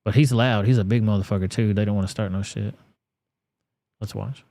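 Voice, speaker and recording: A man's voice: on the low side, fairly even intonation, a little fast, creaky, warm tone, no room sound. A man with a Southern US accent hosting casual reaction commentary, blunt and profane. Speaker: commentary channel host.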